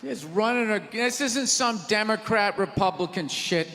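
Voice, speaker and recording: A man doing a stand-up comedy routine on a theater stage, with a loud, profane, ranting delivery. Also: high voice, normal speed, slight background noise. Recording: live theater recording with long reverb and crowd laughter. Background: audience laughing and cheering.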